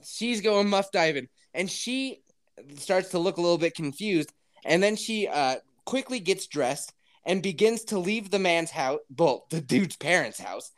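Animated, crude-talking male podcast host. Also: high voice, a little slow. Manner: crude, laughing, acts out other people's lines. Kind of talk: casual podcast storytelling.

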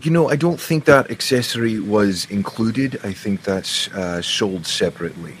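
A man voicing a polite, quick-witted character who speaks in a droll, dry way. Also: on the low side, a little hiss or hum, natural voice.

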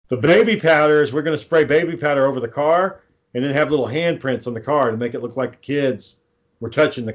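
Man, mid-pitched, casual and profane, pitching a movie idea with filler words. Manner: rambling, profane, acts out quoted lines. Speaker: amateur filmmaker pitching a script. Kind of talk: casual chat.

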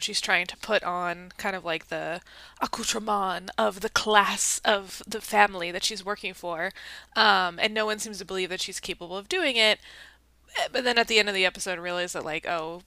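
Woman host, chatty explainer, bright crisp voice, dry close sound. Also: on the low side, no room sound, poor audio. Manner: chatty, many fillers and restarts. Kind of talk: casual explanatory talk.

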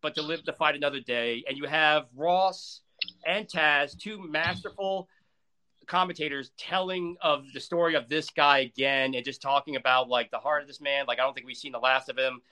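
A man retelling a wrestling match in casual, animated talk, swearing freely and acting out what people said. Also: fairly high pitch, moderate pace, clean tone. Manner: profane, emphatic, acts out quotes. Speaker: wrestling storyteller.

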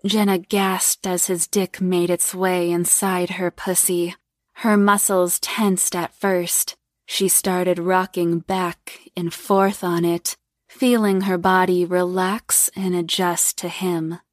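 A woman reading an adult story aloud in an even, measured storytelling manner. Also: on the low side, dry recording, clean studio sound. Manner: slow, even storytelling read. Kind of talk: scripted adult story narration.

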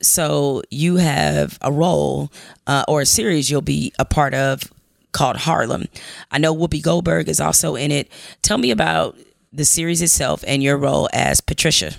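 Gravelly-voiced woman podcast host. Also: sits low, normal speed, no room sound, clean studio sound. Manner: direct, upbeat questioning. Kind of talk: interview questions.

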